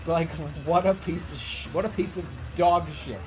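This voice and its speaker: Male streamer, animated and profane, mutters and shouts in turn, game music audible. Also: moderate pace, hardly any pauses. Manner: swings from low muttering to angry shouting, swears often. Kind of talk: gaming livestream commentary.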